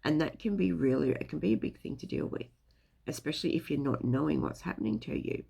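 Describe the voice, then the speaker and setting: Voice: medium pitch, expressive, fast, creaky, mellow, husky. A speaker giving a casual, rambling talk on spiritual topics, full of fillers and loose swearing. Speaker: spiritual teacher.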